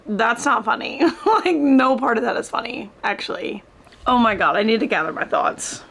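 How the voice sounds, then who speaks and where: Young female book vlogger, raw and expressive, somewhat high voice, casual, camera close by. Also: normal speed, vocal fry. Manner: expressive, swears and laughs often. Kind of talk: casual reading vlog.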